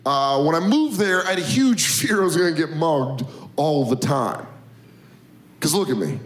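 A man doing a stand-up routine with self-deprecating, deadpan punchlines, recorded live in an echoey comedy club with a laughing audience. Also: on the high side, moderate pace.

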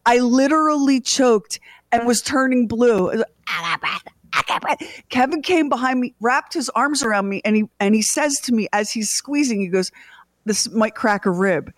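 Animated woman telling a radio story. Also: fairly high pitch, normal speed, no echo, studio quality. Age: middle-aged. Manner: animated storyteller acting out family dialogue. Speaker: radio show co-host.

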